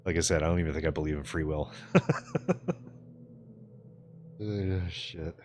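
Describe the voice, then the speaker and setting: A man's voice: very deep voice, steady tone, a little slow, darkish tone, slight background noise. A man live-streaming in casual chat, answering his viewers with loose, profane jokes and frequent laughter.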